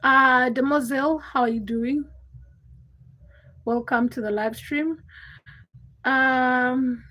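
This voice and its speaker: A young woman hosts a relaxed livestream, rambling chattily to her viewers and laughing along the way. Her voice sits high and light. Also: slow pace, rough recording. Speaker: livestream host. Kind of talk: casual livestream chat with viewers. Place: Uganda.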